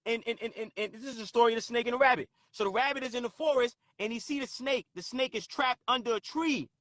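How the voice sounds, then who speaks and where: A man's voice: extremely high pitch, fast talker, a bit bright, dry recording, clean studio sound. Profane, preachy man hosting a stream. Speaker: host. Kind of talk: live stream talk with callers.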